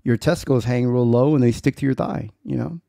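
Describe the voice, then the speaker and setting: A man who makes comics, chatting as a guest in a relaxed, crude, joking way. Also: mid-range voice, a little fast, vocal fry, dry recording, clean studio sound. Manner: laid-back, crude joking. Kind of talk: casual chat.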